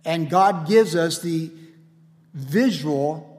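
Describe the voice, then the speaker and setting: High-voiced energetic male preacher. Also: extremely slow. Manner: energetic, casual preaching with repeated refrains. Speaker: pastor. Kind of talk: radio sermon. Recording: long hall reverb.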